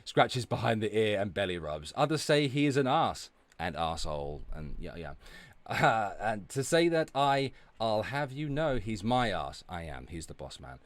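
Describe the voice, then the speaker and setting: A man's voice: on the low side, big pitch swings, moderate pace, no room sound. A man streaming live, ranting with heavy swearing and sarcasm and stopping to thank viewers for donations. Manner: profane, sarcastic, loud outbursts. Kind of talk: ranting livestream chat.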